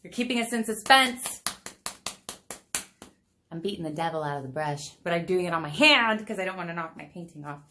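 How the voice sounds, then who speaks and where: A woman's voice: fairly low pitch, animated, brisk, long pauses, pushed and bright. A woman streaming from home as she paints, chatting in a bubbly way with her viewers and laughing often. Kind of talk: casual chat while painting live. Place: home room, not a studio.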